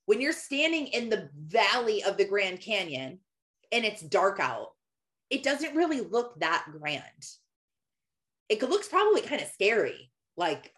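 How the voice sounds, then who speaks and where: A woman in her thirties talking about faith in a relaxed, chatty storytelling way. She fills her speech with casual fillers, and her voice sits in a mid-range pitch. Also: a little slow. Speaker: Christian speaker. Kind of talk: personal faith talk.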